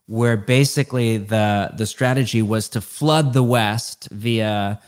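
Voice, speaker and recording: A middle-aged man, a guest author in a podcast interview, explaining ideas earnestly and stacking them in quick lists. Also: fairly low pitch.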